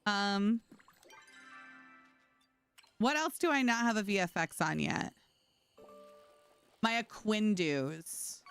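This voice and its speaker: A woman's voice: medium pitch, expressive, slow, pauses often, fairly bright tone, clear, resonant tone, faint music behind. A woman streamer chatting casually with her viewers while playing, telling stories and laughing often. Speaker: game streamer. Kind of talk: casual livestream chat.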